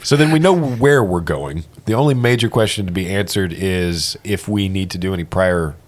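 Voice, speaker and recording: Low-voiced male tabletop player. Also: normal speed. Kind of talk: casual tabletop game chat.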